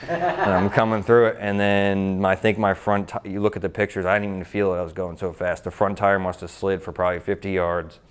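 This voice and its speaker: A man's voice: low voice, brisk, clean tone. A man who races motorcycles, telling rambling stories in a casual interview, laughing often and saying "like" a lot. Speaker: motorcycle racer.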